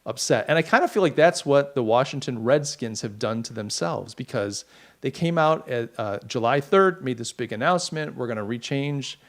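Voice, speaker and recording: Animated rambling male podcast host. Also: medium pitch, normal speed. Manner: rambling, animated, mocking asides. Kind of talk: casual opinion monologue.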